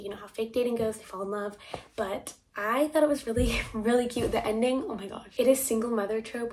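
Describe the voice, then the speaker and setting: A teenage girl chatting casually about books she read, rambling with lots of fillers. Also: medium pitch. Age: teens. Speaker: book vlogger. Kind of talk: casual reading wrap-up chat. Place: home, family noise nearby.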